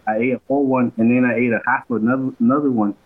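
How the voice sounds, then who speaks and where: A man's voice: medium pitch, fairly even intonation, racing, narrow, tinny audio. A young man casually telling a long story on a podcast, swearing a lot and acting out what everyone said. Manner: laid-back slangy storyteller, quotes people in voices.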